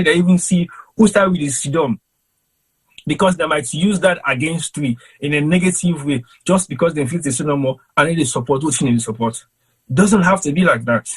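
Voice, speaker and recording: A man's voice: fairly high pitch, slightly rough, poor audio. A Sierra Leonean man with a Krio accent, a panelist on a call-in show, speaking in an emphatic, rhetorical, preaching way. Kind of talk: impassioned panel commentary. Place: cold home in London.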